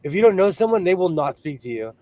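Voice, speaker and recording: A man's voice: high-pitched, big pitch swings, fast, warm tone, no echo. A man hosting a casual chat, reading comments aloud and laughing often. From California. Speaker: host.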